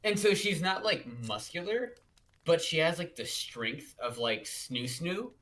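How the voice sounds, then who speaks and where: A man's voice: on the high side, sing-song, unhurried, fairly bright tone. A young man co-hosting a casual comedic book review, laid-back and sardonic, swearing casually. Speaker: podcast co-host.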